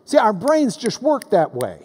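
A man preaching a sermon as pastor, animated and playful as he recites rhymes and sounds out words. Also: high-pitched, unhurried, breathy edge. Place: church sanctuary. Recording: long hall reverb.

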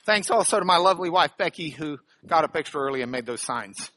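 A man's voice: a little high, lively intonation, quick pace, bright, forceful tone. A man giving a live teaching talk to an audience, explaining step by step and checking in with rhetorical questions. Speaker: bible teacher.

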